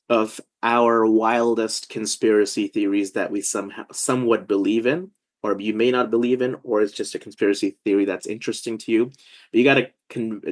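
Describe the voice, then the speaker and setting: A man from India with an Indian English accent, chatting casually as a podcast host in a joking, self-mocking, halting way. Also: fairly low pitch. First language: not English. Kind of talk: casual chat.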